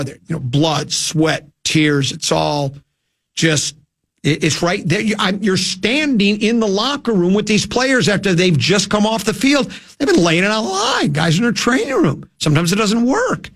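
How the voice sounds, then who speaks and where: Gravelly man rambling through a story. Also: fairly high pitch. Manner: rambling storytelling with many restarts. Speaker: radio host. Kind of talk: sports talk radio.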